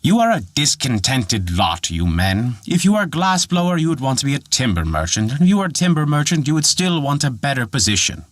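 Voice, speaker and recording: A man's voice: mid-range voice, very animated, fairly quick, hardly any pauses, no room sound, studio quality, pitched above the performer's own voice. A man voicing a tiny old forest dwarf made of glass who lectures and scolds in an exasperated way. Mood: scolding.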